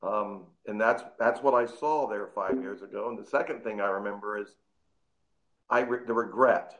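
A man with a fairly low voice speaks earnestly and haltingly, often repeating himself as he reflects. The sound is dull and lo-fi. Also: a bit bright. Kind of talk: reflective testimony.

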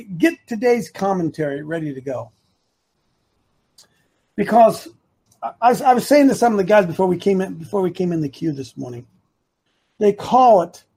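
A man with a high, husky voice and a darkish tone hosts a live opinion talk show. He rambles and repeats himself for emphasis while addressing his producer and the chat.

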